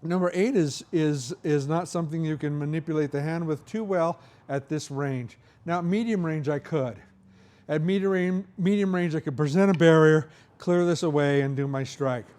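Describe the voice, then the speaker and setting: A man's voice: a little high, normal speed, darkish tone. A middle-aged man teaching a martial arts seminar, talking through each move as he demonstrates and checking in with "right?". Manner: talks through moves while demonstrating, frequent "right?" checks. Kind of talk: hands-on seminar instruction.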